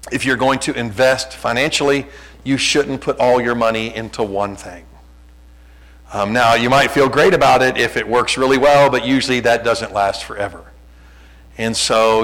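A man's voice: medium pitch, fairly bright tone, poor audio. A middle-aged man preaching a sermon as a pastor, conversational and self-deprecating, often restarting his sentences.

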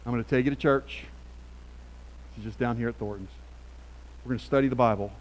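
A middle-aged man preaching a sermon as pastor, emphatic and swinging from quiet asides to loud calls. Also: mid-range voice, fairly quick, slight background noise, rough recording.

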